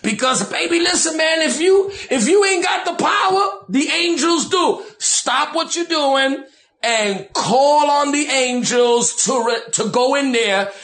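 A man with a very high, bright voice preaches in an echoey church, animated and slangy. He shifts between slow, drawn-out points and fast bursts. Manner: animated, slangy, quotes himself. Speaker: pastor. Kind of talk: preaching on deliverance.

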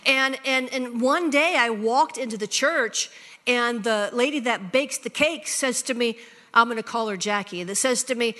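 A middle-aged woman pastor telling a personal story to her congregation in a lively, conversational way, acting out both sides of a conversation. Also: a little high, moderate pace. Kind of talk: sermon storytelling. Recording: long hall reverb.

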